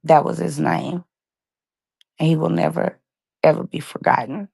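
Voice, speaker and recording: Heavily gravelly woman telling her story. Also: deep voice, fairly even intonation, measured pace, dark tone, dry recording. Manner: casual, emotional, speaks straight to listeners with "y'all" and "you guys". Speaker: live-stream host telling a personal story. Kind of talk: candid personal storytelling to a live audience.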